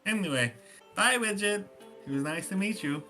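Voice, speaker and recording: A man's voice: high voice, expressive, normal speed, bright, forceful tone, soft background music. A man playing a tabletop game in character, talking casually and hesitantly. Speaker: player.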